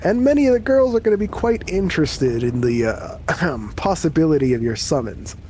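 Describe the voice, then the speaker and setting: Guy doing a deadpan demon lady from a tabletop game, crude and totally unbothered, a bit high. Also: normal speed, a little hiss or hum, lightly acted. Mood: teasing. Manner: deadpan, matter-of-fact, crude. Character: blunt, unbothered female demon company agent.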